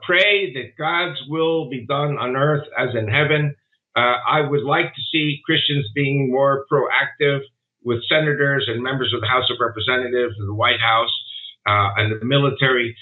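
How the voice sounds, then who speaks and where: Emphatic man on a tinny line. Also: mid-range voice. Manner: emphatic, digressive storytelling. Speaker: guest commentator. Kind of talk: interview by remote call.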